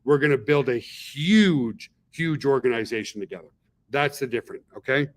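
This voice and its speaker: A man's voice: mid-range voice, quick pace. Chatty man hosting a webinar. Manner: chatty, peppers talk with "okay?" and "guys". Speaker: webinar host, company founder. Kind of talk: casual webinar talk.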